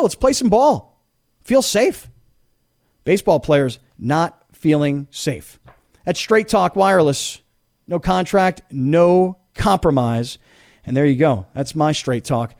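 A man hosting sports talk radio, telling stories in an animated, chatty way. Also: fairly high pitch. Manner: animated, storytelling, mock voices.

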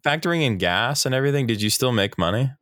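A man's voice: medium pitch, lively intonation, quick pace, a bit bright, no echo, studio quality. A man co-hosting a podcast in casual chat, teasing the others with wry questions. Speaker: podcast co-host.

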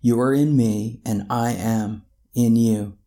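A preacher playing a gentle, fatherly divine master who speaks slowly and softly to his child. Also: medium pitch, fairly even intonation. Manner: gentle, slow and hushed.

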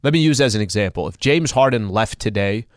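A man's voice: on the low side, animated, fairly quick, dry recording, studio quality. A man co-hosting a sports talk show, playful and jokey. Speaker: radio co-host.

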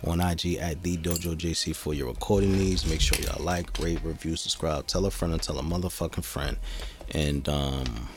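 A man's voice: rumbling low, fairly even intonation, normal speed, background noise. A man hosting a podcast, talking in a laid-back, rambling way and swearing freely. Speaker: podcast host. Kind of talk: casual podcast chat.

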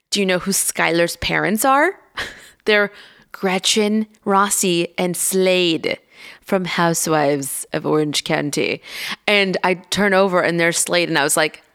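A woman's voice: fairly low pitch, normal speed, vocal fry, fairly bright tone. A woman in her thirties co-hosting a casual podcast, telling family stories in a chatty way full of fillers. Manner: chatty storyteller, lots of fillers. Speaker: podcast co-host, mother. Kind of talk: casual chat.

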